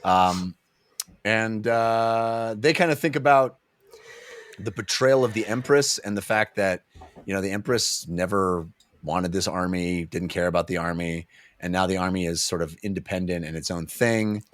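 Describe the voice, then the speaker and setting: A man's voice: deep voice, moderate pace, no echo. A man co-hosting a casual book-club podcast, acting out characters' lines in goofy voices as he recaps. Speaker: podcast co-host.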